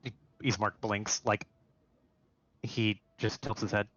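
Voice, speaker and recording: A man's voice: lowish voice, level tone, slow, a bit bright, no echo, dull audio. A man player in a tabletop game, hesitantly describing his character's actions. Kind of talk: casual tabletop game chat.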